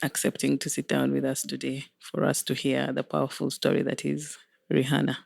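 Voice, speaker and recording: A woman's voice: extremely low pitch, completely flat delivery, brisk, vocal fry, darkish tone, dry recording, clean studio sound. A woman interviewing a guest, asking friendly questions with easy laughter.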